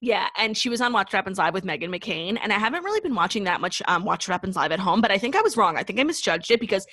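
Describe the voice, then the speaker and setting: A woman's voice: mid-range voice, sing-song, fairly bright tone, dry recording. A young woman co-hosting a podcast, gossiping in casual chat with lots of "like" and some swearing. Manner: fast gossipy talk, heavy "like" filler, swearing. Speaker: podcast co-host.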